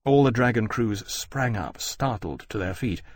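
Brief: male narrator, husky, mid-pitched, dry booth. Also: dry recording. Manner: measured, steady storytelling. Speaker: audiobook narrator. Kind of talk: scripted narration.

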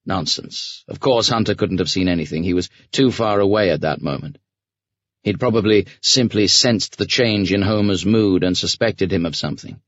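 A man reading scripted audiobook narration in a steady, measured way. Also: deep voice, dry recording. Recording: dull, dry lo-fi recording.

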